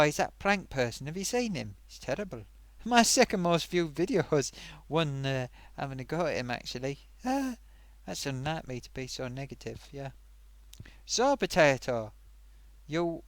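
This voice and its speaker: A man's voice: fairly high pitch, no room sound. Chatty man, livestream host. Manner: chatty, reads out viewer comments. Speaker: host of a live stream. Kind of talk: casual live-stream chat.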